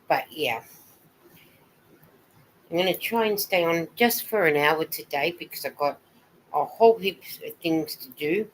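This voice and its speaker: A woman's voice: low-pitched, expressive, a little slow, pauses often, a little hiss or hum, low-quality recording. A woman hosting a casual live stream, knitting as she talks, chatty and rambling as she greets viewers and reads their comments aloud.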